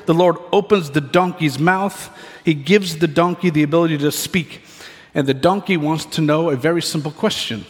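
A man preaching a sermon, retelling a scripture story with animated, playful asides. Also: on the high side. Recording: echoey hall reverb.

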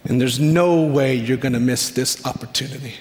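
A man preaching, leading listeners through a scripture scene in the second person, with a reflective manner and dramatic pauses. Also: medium pitch. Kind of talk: guided scripture meditation. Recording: long hall reverb.

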